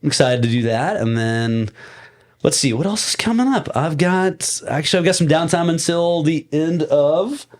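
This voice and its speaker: A man's voice: fairly high pitch, expressive, normal speed. A man co-hosting a casual podcast, an easygoing comedian who mostly agrees and rambles through his plans. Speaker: podcast co-host, touring comedian. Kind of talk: casual chat.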